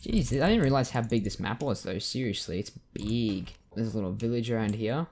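A man giving let's play commentary at his computer, joking and reacting with excitement to the game as he plays. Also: fairly low pitch, brisk, gravelly. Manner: excitable, jokey, yelps and laughs at the game. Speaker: gaming YouTuber.

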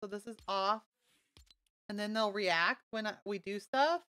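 A woman streaming a video game live, chatting casually to her viewers and gushing excitedly over new items. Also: mid-range voice, unhurried, clean tone. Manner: bubbly, gushing and easily excited. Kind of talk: casual live-stream chat while playing.

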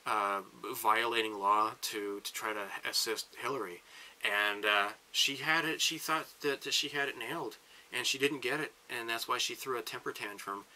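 Sharp-voiced man ranting. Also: medium pitch, rough recording. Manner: ranting, halting restarts. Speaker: vlogger. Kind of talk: political rant.

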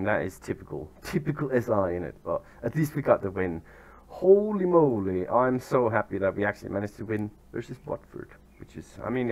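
A chatty young man commentates his football management game, his pitch swinging widely as he reacts. He talks casually and pokes fun at himself, breaking into sudden excited yelps. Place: outdoors near turkeys.

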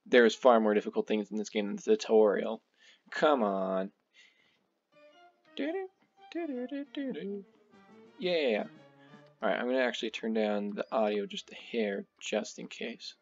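An excitable man chatting his way through a video game with lots of fillers. His mic sounds a little dull. Faint game music plays behind him. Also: on the low side, fairly quick. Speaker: gaming channel host. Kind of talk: casual let's play commentary.

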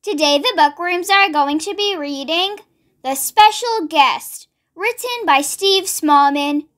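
A young woman hosting a children's read-along, reading slowly, carefully and expressively. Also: very high-pitched, fairly bright tone. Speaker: storybook read-along host. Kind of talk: children's read-aloud narration.

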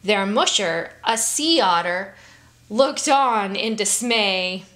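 A woman hosting a children's story time, reading a picture book aloud in an expressive, unhurried storytelling manner. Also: mid-range voice, a little hiss or hum.

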